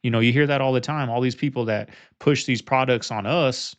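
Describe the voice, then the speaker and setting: A man's voice: mid-range voice, steady tone, a little fast. A man hosting a reaction video, talking casually and rambling with lots of fillers and restarts. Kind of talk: casual commentary.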